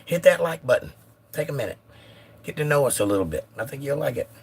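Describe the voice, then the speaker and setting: A man hosting a casual live stream who is a little hoarse, reading viewer comments aloud in a laid-back way. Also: mid-range voice, animated, fast talker. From United States. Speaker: livestream host reading chat.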